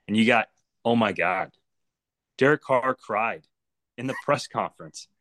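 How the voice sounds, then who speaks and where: A man's voice: mid-range voice, measured pace, fairly bright tone. A man co-hosting a sports podcast, ranting in frustration about his team. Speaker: podcast co-host.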